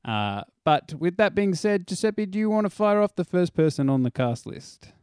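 A man's voice: sits high, big pitch swings, moderate pace, darkish tone, smooth, no echo, clean studio sound. A man hosting a podcast, reading out the show rules in a casual, chatty way and laughing often. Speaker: podcast host. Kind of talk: casual chat.

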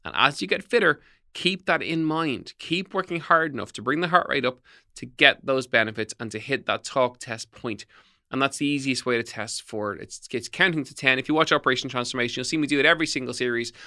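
A man's voice: mid-range voice, a little fast, pushed and bright. A middle-aged man hosting a fitness podcast, giving tips in an emphatic coaching tone. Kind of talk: solo podcast talk, tips.

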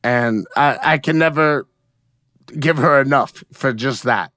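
A man's voice: medium pitch, a little slow, pushed and bright, no room sound, studio quality. A man as an interview guest, talking frankly and emotionally about his feelings, often asking "you know what I mean?". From United States. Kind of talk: candid conversational interview.

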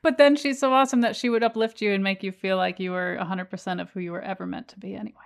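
A woman's voice: mid-range voice, steady tone, racing, vocal fry. A woman hosting an interview, making reflective, thoughtful remarks. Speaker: host. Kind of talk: interview conversation.

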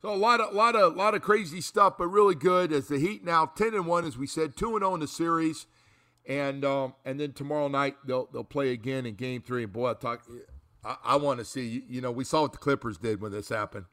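A man hosting a sports talk radio show, talking through a game in an animated, rambling way and repeating his words. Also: medium pitch, fairly quick.

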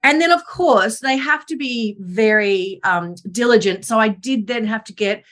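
A woman in her forties, a podcast guest talking candidly over a video call, animated and self-mocking as she tells her story. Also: on the high side, moderate pace. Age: 40s. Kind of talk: candid conversational interview.

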